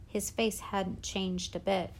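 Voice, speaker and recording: A woman reading a first-person novel aloud with measured, expressive storytelling. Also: medium pitch. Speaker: audiobook narrator.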